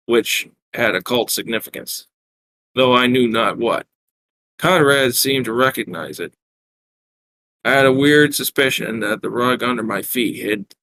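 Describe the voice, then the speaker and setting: A man's voice: medium pitch, pushed and bright, dry recording. A man reading his own wry first-person fiction aloud, with small self-corrections. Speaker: writer reading his work.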